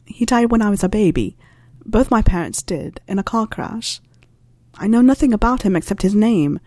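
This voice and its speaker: A woman's voice: mid-range voice, animated, normal speed, dark tone, dry recording, studio quality, natural voice. Harry Potter, a woman voicing a plain young man.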